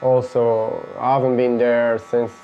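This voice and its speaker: A man's voice: medium pitch, measured pace, muffled recording, soft background music. A man from Portugal, a client in a barbershop chair, chatting casually with short, easy replies. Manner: relaxed, brief replies, says "man" often. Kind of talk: casual chat.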